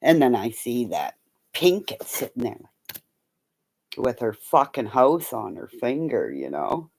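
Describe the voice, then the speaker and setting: Low and rumbling with vocal fry, this middle-aged woman's voice moves at a measured pace. She's a live streamer chatting casually, telling long, profane, wandering stories and animatedly imitating the people she quotes.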